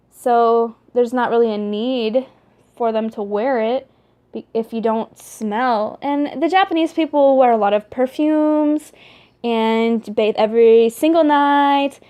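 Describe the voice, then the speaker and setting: Talking to her camera in a casual vlog, a young woman rambles chattily with plenty of fillers and restarts. Her slightly high voice carries animated energy, though her pace is slow.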